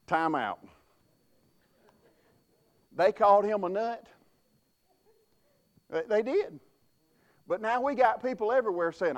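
A man's voice: sits high, lively intonation, slow pace, pauses often, lo-fi sound. A man preaching a sermon as pastor, folksy and emphatic with frequent restarts.

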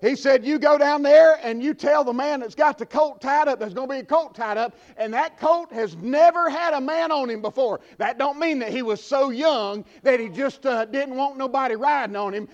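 Man, preacher, sermon, hushed to shouting, very high voice, muffled lo-fi recording. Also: moderate pace, few pauses. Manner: swings from hushed asides to shouted peaks. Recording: dull lo-fi recording.

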